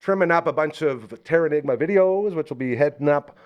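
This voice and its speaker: A man's voice: on the high side, fairly quick, smooth, muffled recording. A man hosting a live local podcast, chatting casually and rambling through enthusiastic sponsor plugs. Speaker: podcast host.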